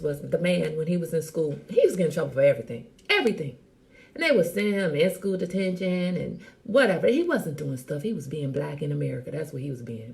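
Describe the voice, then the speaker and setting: Animated middle-aged woman, lively teasing talk. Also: low voice, gravelly. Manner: animated, teasing, talks to viewers by name. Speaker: host. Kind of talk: casual livestream chat.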